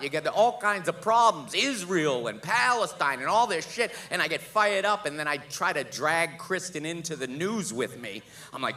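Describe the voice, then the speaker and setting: Brash, profane stand-up comic. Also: male voice, a little high, normal speed, hardly any pauses. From Boston, USA. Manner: profane, animated storytelling. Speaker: stand-up comedian. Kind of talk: live stand-up comedy. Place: live theater stage.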